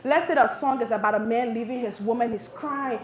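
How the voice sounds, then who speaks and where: A woman from Liberia with a Liberian English accent doing animated live stand-up comedy, acting out voices as she goes. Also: on the high side, brisk. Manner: animated, acts out voices, laughs through lines. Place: cafe stage with live audience. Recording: roomy, dull live venue recording.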